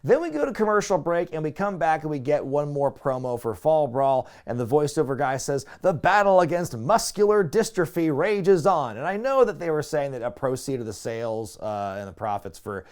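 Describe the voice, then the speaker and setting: Man, casual review commentary, excitable, chatty, pitch jumps up and down. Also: a little fast, hardly any pauses, smooth. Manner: chatty, excitable, laughs at his own asides. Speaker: wrestling show reviewer.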